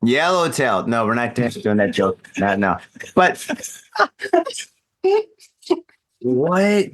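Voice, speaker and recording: A man's voice: medium pitch, takes it slowly. A drunk man hosting a casual talk show, telling a wild story and acting out his own yelps. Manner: animated, acts out his own yelps and voices. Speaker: podcast host. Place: home room in Japan.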